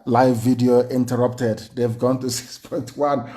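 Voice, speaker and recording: A man's voice: medium pitch, level tone, a little slow, hardly any pauses, dark tone. A man giving an impassioned, indignant livestreamed speech full of rhetorical questions. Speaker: political speaker.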